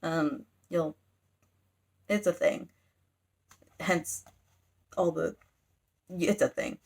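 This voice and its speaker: A young woman with a lowish, darkish voice talks very slowly, her delivery creaky with a breathy edge. She's a YouTuber recapping a manga volume for her channel, rambling casually with plenty of "like" fillers and briefly acting out the characters' lines mid-story.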